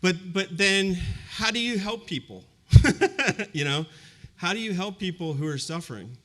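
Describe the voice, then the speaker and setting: Reflective man in his fifties, bright voice. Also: high voice, measured pace. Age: 50s. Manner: conversational and reflective, many fillers like "you know". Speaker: university presenter. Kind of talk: personal storytelling in a public talk. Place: university event before a live audience.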